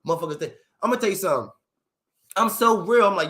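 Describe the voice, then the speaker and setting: Animated young man telling a street story. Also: sits high, fast. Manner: animated, profane street talk, acts out quotes. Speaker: vlogger telling a story to live viewers. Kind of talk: casual storytelling.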